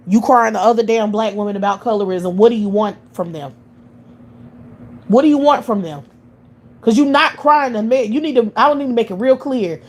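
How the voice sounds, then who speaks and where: A woman from the United States holds forth on a livestream in a blunt, heated monologue. She swears freely and circles back to the same phrases again and again, with a confrontational delivery. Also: medium pitch. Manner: blunt, heated, profane and repetitive. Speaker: livestream commentator. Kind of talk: profane monologue rant.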